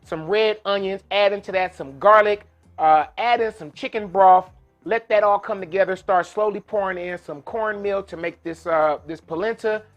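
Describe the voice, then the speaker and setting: In a kitchen with an induction burner, a cooking show host runs a live demonstration, talking casually and folksily to his viewers. His voice is high-pitched at a moderate pace, with soft music in the background.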